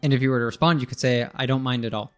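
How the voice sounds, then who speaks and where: A man explains pronunciation in a casual, friendly chat and laughs easily. His pitch sits in the middle range. Faint music plays underneath. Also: steady tone, rapid-fire. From United States. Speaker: English teacher.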